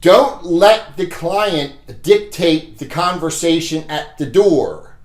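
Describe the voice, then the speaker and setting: A man with a fairly high voice gives a blunt, motivational sales training talk. He chuckles between points and keeps checking in with "okay?", and the sound carries a roomy echo. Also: slow pace, faint music behind.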